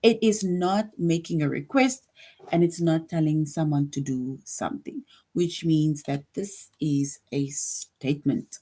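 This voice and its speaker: A woman's voice: deep voice, a little slow, dark tone. A woman teaching a grade school grammar lesson, patient, repeating each point and often checking in with "right?".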